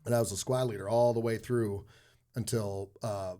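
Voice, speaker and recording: A man telling a story in casual conversation, with many pauses, restarts and fillers. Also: lowish voice, steady tone, warm tone. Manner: rambling, filler-heavy anecdote telling. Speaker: podcast guest, former Marine.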